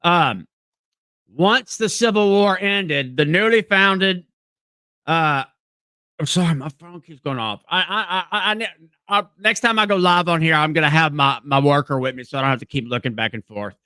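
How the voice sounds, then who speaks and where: A man with a Southern accent hosting a live stream, reading text aloud haltingly and stopping to apologize and chat with viewers. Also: a little high, pushed and bright, clean tone, no echo. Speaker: live stream podcast host.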